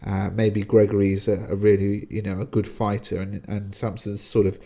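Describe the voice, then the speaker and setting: Mellow low-voiced male teacher. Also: little pitch movement, moderate pace, gravelly. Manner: chatty and explanatory, with frequent fillers. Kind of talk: casual explanatory lesson.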